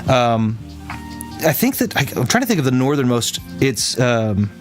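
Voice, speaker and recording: A man's voice: mid-range voice, sing-song, moderate pace, music in the background. A man from Texas, a streamer rambling and thinking aloud in casual chat with his viewers.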